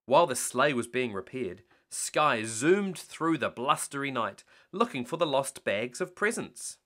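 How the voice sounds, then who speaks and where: A man reading a bedtime story aloud in an animated way. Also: mid-range voice, measured pace, few pauses.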